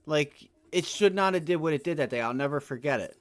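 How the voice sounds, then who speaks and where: A man with a somewhat high voice talks through live market commentary on his trading stream. His talk is loose and full of slang, and it often rises into loud, heated rants. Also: expressive, fairly quick. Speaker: day trading livestream host.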